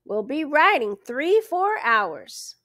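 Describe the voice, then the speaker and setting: A woman's voice: sits high, sing-song, takes it slowly, no echo, clean studio sound, voice pushed up, heavily acted. Woman doing a folksy grumbling rural constable. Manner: folksy drawl, loud and suspicious. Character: chatty grumbling rural male constable, middle-aged.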